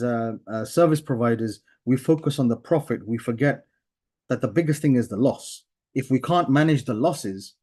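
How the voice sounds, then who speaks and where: Man, webinar presenter, hesitant with lots of "uh"s, mid pitch. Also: darkish tone. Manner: many fillers and restarts, earnest pitch. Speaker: webinar panelist, software founder.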